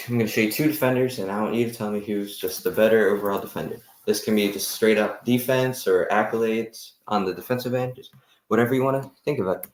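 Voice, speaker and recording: Young male podcast host, echoey room. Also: on the low side. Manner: energetic, runs the segments, lets out loud whoops. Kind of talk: casual sports podcast chat.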